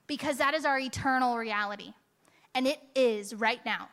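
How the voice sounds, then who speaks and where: Woman pastor, chatty emphatic sermon delivery, higher-pitched and sharp. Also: moderate pace. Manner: conversational and emphatic, with rhetorical "right?" asides. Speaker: preacher.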